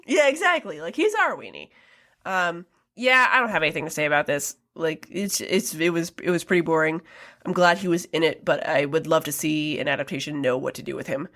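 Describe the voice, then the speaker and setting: A woman's voice: low-pitched, a little fast, a bit bright. A young adult woman co-hosting a casual film review podcast, chatty, laughing often, with many ums and likes. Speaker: podcast co-host.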